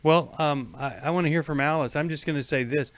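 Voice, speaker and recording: A man's voice: a little high, fairly quick, dry recording. A man hosting a call-in advice radio show who gives blunt, direct advice.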